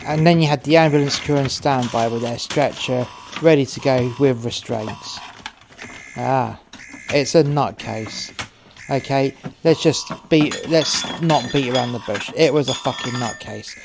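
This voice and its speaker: A man's voice: mid-range voice, a little slow, noisy background, close to an everyday voice. A man playing a cynical cartel courier who narrates in the first person, in a sweary, sardonic way. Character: cynical, foul-mouthed male cartel courier.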